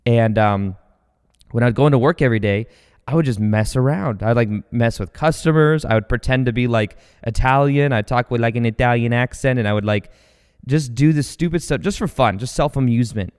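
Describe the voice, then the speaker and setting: A man hosting a podcast, telling stories in a casual, rambling, energetic way with many fillers and restarts. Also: medium pitch, fairly quick, clear, resonant tone. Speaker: podcast host. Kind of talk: casual storytelling monologue. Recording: long hall reverb.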